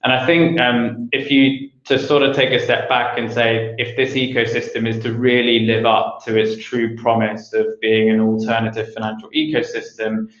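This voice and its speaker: Halting man giving an online talk. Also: mid-range voice, level tone, a bit bright. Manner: hesitant, many fillers and restarts. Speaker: conference speaker. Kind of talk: online presentation. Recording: roomy, dull lo-fi audio.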